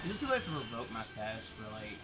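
A man playing a fighting game with a friend, yelling, swearing and joking in goofy trash talk. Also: mid-range voice, huge pitch swings, fast talker, loud music behind the voice. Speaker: gaming channel host. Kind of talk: loud casual gameplay banter.

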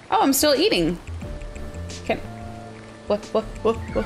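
A woman's voice: mid-range voice, big pitch swings, normal speed, creaky, pauses often, over music. A woman hosting a let's-play game video, narrating her own moves and squealing at every surprise. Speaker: gaming channel host.

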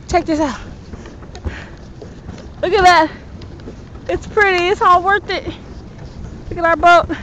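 A woman's voice: extremely high pitch, a bit bright, a little hiss or hum, poor audio. A young woman filming a casual vlog outdoors on a paddle boat, playful and complaining, out of breath from pedaling. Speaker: vlogger.

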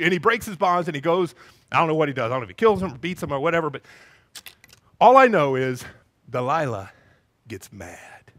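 A male pastor giving a sermon in a church, animated as he acts out scenes with voices and sound effects. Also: fairly high pitch. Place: church sanctuary with a congregation.

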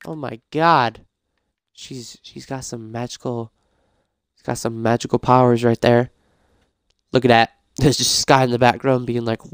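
A man playing a life-sim game, reading prompts aloud and reacting in casual let's-play commentary, getting frantic and shouty when things go wrong. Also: medium pitch, fairly even intonation, a little slow, long pauses, clear, resonant tone, no room sound, studio quality. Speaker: gaming YouTuber.

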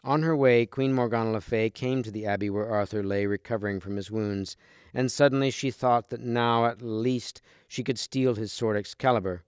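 A man reading a storybook aloud with steady, clear storytelling. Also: medium pitch, moderate pace, no echo, studio quality. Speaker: storybook reader.

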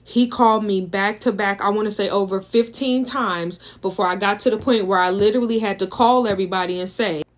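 A young American woman vlogger tells a dramatic storytime in a chatty, casual way, speaking directly to her viewers. Her voice is medium-pitched and brisk, with hardly any pauses.

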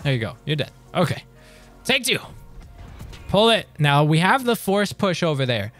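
A young man talks through his game live, voice a little higher than most, leaping up and down in pitch. He swears freely and argues with the enemies on screen. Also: very animated, fairly quick, fairly bright tone, soft background music. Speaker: streamer. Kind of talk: live gameplay commentary.

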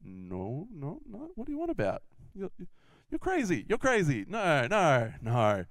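A man's voice: expressive, a little slow, no echo, close to an everyday voice. A man voicing a flustered adult male fisherman who stammers out defensive denials. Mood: panicky denial. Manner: stammering, protesting denials with rising pitch.

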